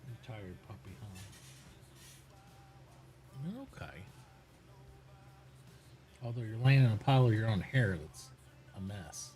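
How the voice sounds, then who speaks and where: A man streaming casually from home, chatting and talking fondly and softly to his dog. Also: fairly low pitch, brisk, faint music behind, poor audio. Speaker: live streamer. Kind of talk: casual chat while streaming.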